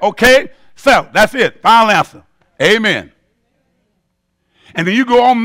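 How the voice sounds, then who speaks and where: A man's voice: very high-pitched, animated, unhurried, sharp tone. A male pastor preaching a sermon in a rhythmic call-and-response style, chanting bold declarations to the congregation.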